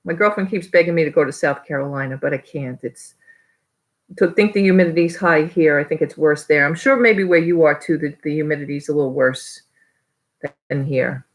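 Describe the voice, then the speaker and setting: A woman's voice: sits low, low-quality recording. Chatty New York woman live-streaming. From New York area. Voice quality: chatty, rambling, quick to laugh. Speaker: online reseller vlogger. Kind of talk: casual live-stream chat.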